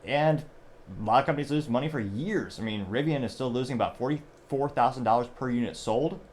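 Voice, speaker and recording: A man's voice: medium pitch, brisk, a little mellow, slight background noise. A young adult man hosting a show, giving rambling, conversational news commentary and often correcting himself. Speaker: show host.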